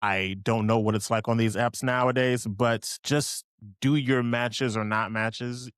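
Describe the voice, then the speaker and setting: A young man co-hosts a podcast in casual chat, tossing in joking, rambling asides. His medium-pitched voice is clear, resonant, and a bit bright, with fairly even intonation and a slightly slow pace, recorded dry at studio quality.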